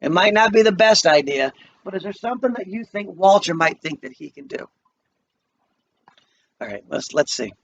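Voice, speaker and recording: A man teaching a play, pausing the reading to explain it and put questions to students, on a muffled lo-fi recording. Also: high voice, sing-song, fairly bright tone, a little hiss or hum.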